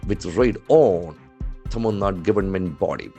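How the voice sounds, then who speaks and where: Indian english guy teaching words from the paper, lowish voice that swings up and down a lot, spells stuff out, hammers the stress. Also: lively intonation, normal speed, vocal fry, warm tone, highs cut off, soft background music. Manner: spells words out letter by letter and repeats them with marked stress. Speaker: English trainer. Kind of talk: newspaper vocabulary lesson.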